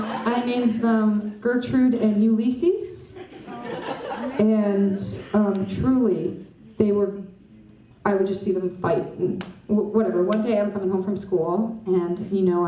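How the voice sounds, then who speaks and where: A woman's voice: medium pitch, dark tone, slight background noise. A young woman doing stand-up comedy on a club stage, rambling and self-mocking as she chats with the audience. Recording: roomy club sound from a distance.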